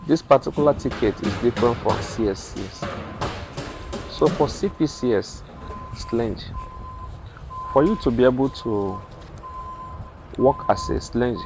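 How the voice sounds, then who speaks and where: A man's voice: mid-range voice, a little mellow, slight background noise, low-quality recording. A young man, the host of a channel, walks through construction careers in an informal spoken tutorial, methodical and repeating key points for emphasis.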